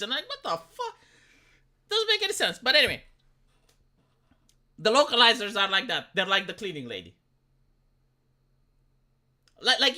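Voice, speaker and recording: A woman's voice: a little high, pushed and bright. A young woman streamer ranting in casual chat, profane and exasperated, rambling with frequent restarts. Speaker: live streamer.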